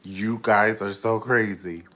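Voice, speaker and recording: A man's voice: lowish voice, fairly even intonation, slow pace, fairly bright tone, slight background noise. A man hosting a live reality TV review, talking in a sassy, campy, gossipy way. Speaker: host of a live review show.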